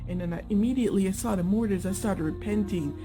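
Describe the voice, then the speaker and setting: A woman recounts her dream in casual testimony, rambling a little, with likes and ums along the way. Her voice sits at an ordinary pitch for a woman, and clear music plays underneath her. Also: fast talker. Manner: informal, chatty, lots of fillers. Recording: music playing behind.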